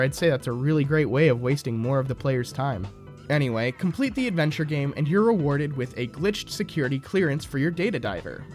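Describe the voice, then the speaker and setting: A man delivering scripted, critical video commentary in a sarcastic, opinionated manner. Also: fairly high pitch. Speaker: video essayist. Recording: music bed underneath.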